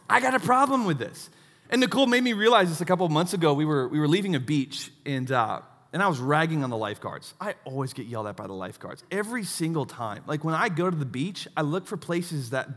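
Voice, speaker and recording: Animated male pastor preaching. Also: on the high side, in a large hall. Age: 30s. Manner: animated storytelling with self-mocking asides. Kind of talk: sermon.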